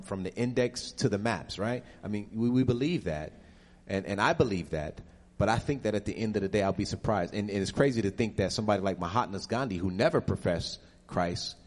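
A man with a lowish voice tells his personal testimony with emotion and animation, building to high, urgent peaks. His words carry a long reverb, as if he is speaking in a big church hall. He is a guest answering audience questions. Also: a little mellow.

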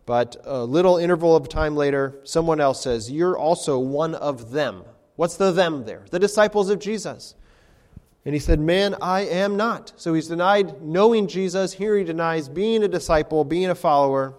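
A man's voice: a little high, moderate pace, a little mellow. Preaching man in a reverberant hall. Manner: expository preaching with rhetorical questions. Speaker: pastor. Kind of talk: sermon.

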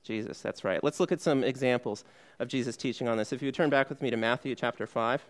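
A man's voice: mid-range voice, quick pace. A male pastor giving a sermon in a conversational way, posing questions to the congregation and answering them himself, with frequent "okay"s. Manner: frequent "okay" fillers and restarts.

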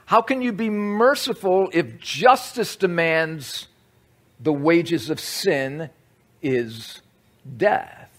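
A man's voice: on the high side, drawn-out words, a bit bright. A man preaching a conversational sermon, teaching with asides to the audience. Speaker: pastor.

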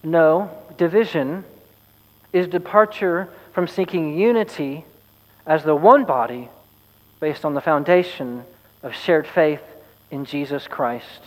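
Earnest preacher in an echoing hall. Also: male voice, fairly high pitch. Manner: earnest, measured, with wry asides. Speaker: pastor. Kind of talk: sermon.

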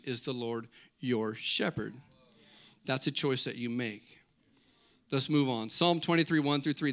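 A man's voice: fairly high pitch, vocal fry. A man preaching a sermon to a congregation, telling stories with humor and reading scripture with rising emphasis. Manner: animated, joking storytelling preacher. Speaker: pastor.

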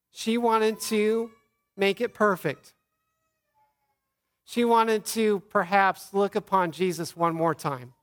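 A man, a pastor, giving an Easter sermon, telling the story earnestly and acting out quoted lines softly. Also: sits high.

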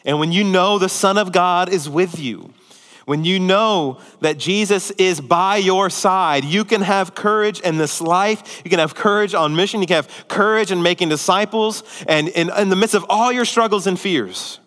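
Male pastor, slightly high voice, dramatic sermon delivery, long hall reverb. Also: normal speed. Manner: dramatic swings from emphatic to hushed; repetitive, rhetorical questions.

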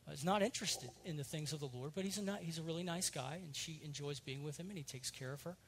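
Middle-aged male pastor with a high voice, teaching a conversational sermon with lively asides. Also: quick pace, a little hiss or hum. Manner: earnest, conversational, with lively asides and self-corrections.

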